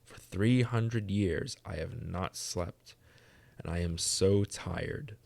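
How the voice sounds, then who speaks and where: A weary, centuries-old ghost from a storybook, as a man puts him on, sad and lonely. His deep, gravelly voice moves slowly and dreamily, low and heavy with longing. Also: a little mellow, exaggerated voice. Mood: dreamy, sad.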